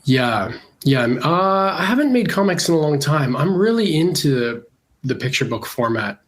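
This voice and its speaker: Congested Canadian man, relaxed and halting. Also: on the high side. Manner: relaxed, hesitant with many fillers. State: congested from a cold. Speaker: illustrator guest. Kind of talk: casual interview.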